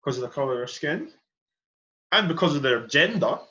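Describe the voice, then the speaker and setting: His voice a little high, bright and forceful with lively intonation, a young Scottish podcast host from Edinburgh speaks briskly over lo-fi sound. The talk is an earnest conversational monologue in which he passionately stresses and restates key points.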